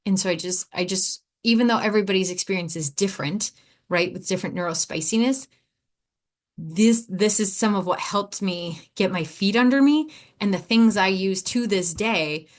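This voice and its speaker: A woman's voice: medium pitch, normal speed. A woman hosting her own podcast as an ADHD coach. She talks in a loose, rambling way, breaks off mid-sentence, repeats words and laughs easily. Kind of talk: casual solo podcast monologue.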